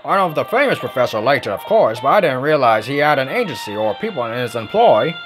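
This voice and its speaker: Pompous chatty reporter, put-on accent, animated pitch; man voicing. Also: quick pace, music in the background, close to an everyday voice. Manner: wordy and pompous, stumbling over long words.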